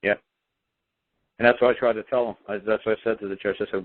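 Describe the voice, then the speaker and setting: A man's voice: fairly low pitch, fairly even intonation, fast. A man telling a personal story on talk radio in a defiant, emphatic, repetitive way. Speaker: radio show guest speaker. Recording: tinny phone-line radio sound.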